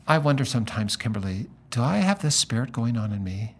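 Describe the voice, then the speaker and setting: Animated middle-aged pastor telling a story. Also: male voice, medium pitch, brisk, breathy edge. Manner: animated storyteller acting out dialogue. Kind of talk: conversational storytelling in a podcast interview.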